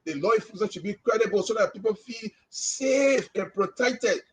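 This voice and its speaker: This podcast co-host is a Liberian man and former journalist who delivers an impassioned, emphatic opinion, repeating words to stress his points. His voice sits high with lively intonation at a moderate pace. The recording quality is low.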